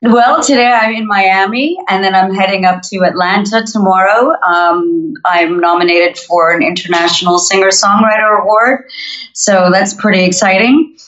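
A woman's voice: medium pitch, moderate pace, a bit bright. Woman, middle-aged, North American accent, upbeat, chatty, laughs easily, roomy echo, muffled audio. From Montreal, Canada. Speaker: singer-songwriter guest. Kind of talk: casual interview chat. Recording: roomy, dull lo-fi remote audio.

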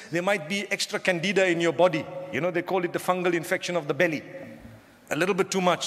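A man's voice: high voice, a bit bright. A man from Africa, preaching a humorous lecture-style sermon to a live audience and often asking the crowd questions. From southern Africa. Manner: humorous, asks the crowd questions, mimics people. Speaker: Islamic preacher. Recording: long reverb of a large hall.

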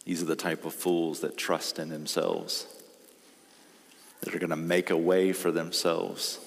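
A man preaching a sermon in a deep, low voice, taking his time over each phrase. He reads scripture aloud and leans into his points with rising emphasis. His voice carries a long reverb, as if from a large hall. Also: little pitch movement, unhurried, gravelly.

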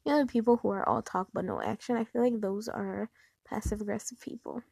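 Chatty young woman, mellow voice. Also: medium pitch, fairly quick, gravelly, breathy edge, no room sound. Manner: chatty, rambling, many fillers. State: hiccups. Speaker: vlogger. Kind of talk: casual advice talk.

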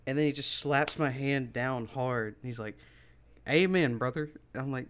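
A man's voice: medium pitch, fairly even intonation, normal speed, a bit bright, smooth. A young man co-hosting a podcast, telling a story casually with lots of swearing and laughter. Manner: laid-back, profane, laughs often. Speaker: podcast co-host.

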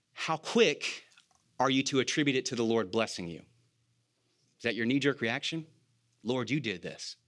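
A man delivers a church sermon at an ordinary, middle pitch. He talks to the congregation in an earnest, conversational way, repeating key lines and asking rhetorical questions. He now and then pokes fun at himself. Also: a bit bright. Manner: self-deprecating humor. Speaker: preacher, elder candidate.

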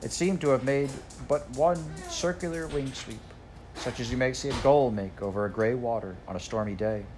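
A man reading a children's storybook aloud, in a measured, unhurried narration. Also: medium pitch, over music. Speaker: audiobook reader.

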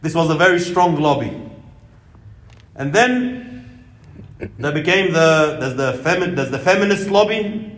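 A man's voice: fairly high pitch, expressive, a little slow, long pauses, a bit bright, reverberant, low-quality recording. A man preaching an impassioned sermon to his brothers and sisters, with Arabic religious phrases woven into his talk. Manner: addresses listeners as brothers and sisters. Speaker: Islamic preacher.

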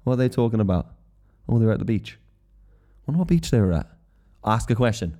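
A man's voice: on the low side, animated, fairly quick, pauses often, mellow. A middle-aged man hosts a podcast in a casual comedic monologue. He swears freely and acts out little scenes in quoted voices. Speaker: podcast host.

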